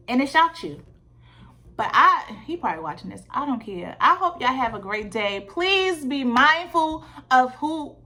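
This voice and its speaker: A woman vlogger telling a dating story in a candid, animated way, with lots of fillers. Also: a little high. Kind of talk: casual storytime vlog. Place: Georgia.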